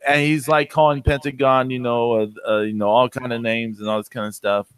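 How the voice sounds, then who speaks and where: A man's voice: mid-range voice, flat delivery, brisk, clean tone. A man co-hosting a casual podcast chat, hesitant and thinking aloud with many fillers. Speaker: podcast co-host.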